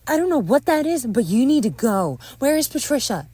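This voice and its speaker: Shrill hot-tempered young woman, high sharp voice, dry close mic, audio story, a female narrator acting her. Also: big pitch swings, fairly quick, no room sound. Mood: suspicious. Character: fierce, suspicious young woman, quick to yell.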